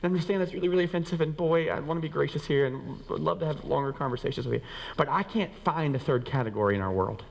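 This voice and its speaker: A man preaching a sermon as a pastor to his church, animated, acting out quoted voices and swinging between raised and lowered pitch. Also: quick pace, vocal fry. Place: church sanctuary. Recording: reverberant hall.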